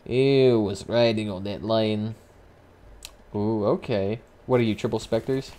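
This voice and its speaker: A young man streaming a vehicle combat game, chatting casually with swearing and sudden excited outbursts as he plays. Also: lowish voice, a little slow. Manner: casual, profane, excitable reactions. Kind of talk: live gameplay commentary.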